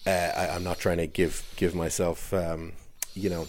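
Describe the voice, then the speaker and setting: A man's voice: deep voice, level tone, moderate pace, darkish tone, a little hiss or hum. An Irish man telling a long, rambling story in casual chat, often restarting his sentences and laughing as he goes. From Ireland.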